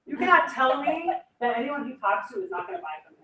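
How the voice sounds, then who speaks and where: A woman's voice: high voice, big pitch swings, quick pace, a bit bright, dull audio, a little hiss or hum. A young woman giving a casual motivational talk, enthusiastic and chatty with lots of "like" and "you guys". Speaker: guest speaker. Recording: echoey room, far from the mic.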